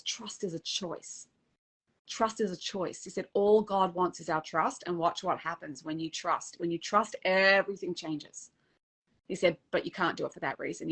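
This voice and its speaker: Middle-aged woman, dating coach guest; bright, forward voice; animated, emotional storytelling. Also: fairly low pitch. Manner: emotional, animated retelling with acted-out quotes. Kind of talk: casual interview storytelling.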